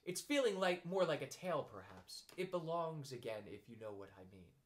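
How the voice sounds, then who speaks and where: Storybook donkey, old and gloomy, complaining slowly, voiced by a male reader. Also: a little high, very animated. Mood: gloomy grumbling. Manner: complaining, slow and mournful.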